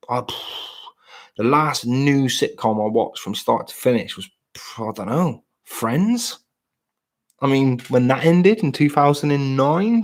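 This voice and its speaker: A British man in his late thirties to forties, chatting casually and ramblingly to his live stream viewers, self-deprecating. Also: medium pitch. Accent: British English.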